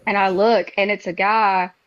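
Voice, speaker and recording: A middle-aged woman hosting a podcast, telling stories in a casual, animated way and acting out her own past reactions. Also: medium pitch, moderate pace, no room sound. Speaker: podcast host. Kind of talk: casual chat. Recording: dull, dry lo-fi sound.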